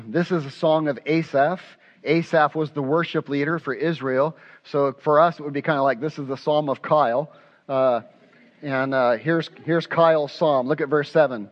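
A man's voice: a little high, fairly even intonation, moderate pace, highs cut off. A man preaching a sermon as pastor, acting out prayers aloud with passion. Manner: impassioned, acts out prayers aloud.

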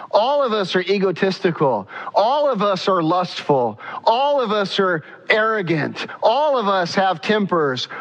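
A man's voice: sits high, a bit bright, low-quality recording. A man preaching a sermon as pastor, emphatic, now and then acting out quotes.

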